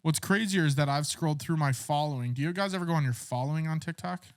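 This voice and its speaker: A man co-hosting a casual podcast, making deadpan jokes. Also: on the high side, quick pace, clean tone. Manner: joking, deadpan quips. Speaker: podcast co-host. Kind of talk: casual chat.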